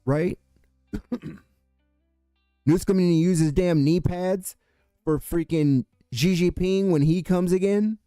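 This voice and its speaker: A man's voice: high-pitched, takes it slowly, long pauses, dark tone, no echo, studio quality, soft background music. A man from California hosting a political show, ranting angrily and swearing often. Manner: heated, profane, ranting. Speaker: political commentary host. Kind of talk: angry political rant.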